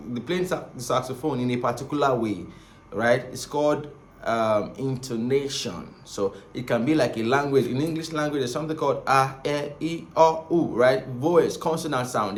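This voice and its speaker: A man's voice: mid-range voice, moderate pace. A man giving a casual spoken saxophone lesson, rambling and repeating himself, often checking in with "right?" and "okay?". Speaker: saxophone teacher. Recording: echoey room with faint ambient noise.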